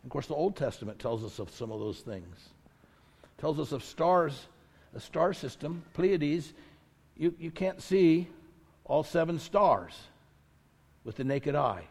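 This pastor's voice is on the high side and animated, with a darkish tone and a breathy edge. He speaks unhurriedly, leaving long pauses, while his sermon mounts in intensity through emphatic repetition. The recording has the long reverb of a large hall in a church sanctuary.

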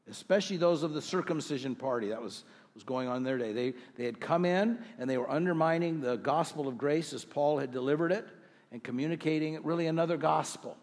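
A middle-aged male pastor preaching a sermon to his congregation, earnest, with rhetorical questions and slow scripture readings. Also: fairly high pitch, a little mellow, big-room sound. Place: church sanctuary.

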